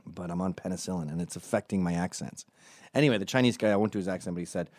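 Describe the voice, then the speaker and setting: A man's voice: sits low, racing, a little mellow, no room sound, clean studio sound. A man, telling rambling, sardonic stories in a casual comedic monologue. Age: 40s. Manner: rambling, sardonic storytelling with voiced asides. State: recovering from strep throat.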